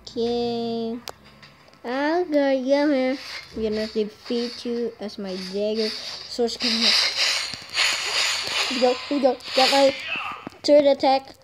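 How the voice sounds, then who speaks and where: A woman talks through her mobile game match in a slow, drawn-out way, trash-talking opponents and cursing at the lag. Her voice sits a little high, with a faint hiss behind it. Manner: frustrated, swearing trash talk at the game. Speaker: gamer commentating her match. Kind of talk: gameplay commentary.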